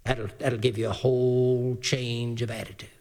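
A man preaching a sermon in an animated way, acting out the characters in the story and reading scripture in a slow, measured cadence. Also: mid-range voice. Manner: animated preaching, acts out Bible characters' voices; reads scripture in slow King James cadence.

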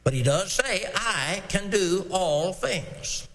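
A man preaching a sermon, reading scripture slowly and stressing single words. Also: sits high, lively intonation, fairly bright tone. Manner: measured, emphatic scripture reading. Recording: long hall reverb.

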